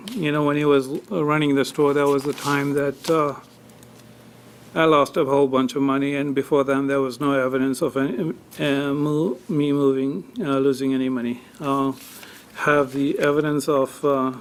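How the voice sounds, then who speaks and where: A man testifying at a tax appeal hearing, halting and full of fillers as he grows emotional telling his story. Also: mid-range voice, a little hiss or hum. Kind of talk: unscripted testimony.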